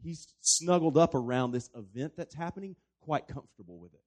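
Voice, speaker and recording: A man, a pastor, unpacks scripture in an easy, reflective conversational manner. His voice is mellow and warm. He tells the story with a preacher's sense of scene. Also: on the high side, lively intonation, a little fast. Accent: non-local accent. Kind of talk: conversational Bible discussion.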